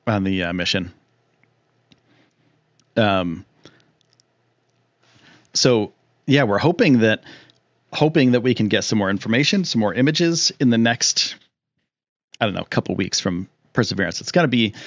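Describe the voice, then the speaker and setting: A young man chats casually on his live stream at a moderate pace, pausing often, rambling loosely with plenty of ums and restarts. He's excitable, and his voice jumps high whenever something thrills him. The audio is slightly dull and lo-fi, dry and close with almost no room echo.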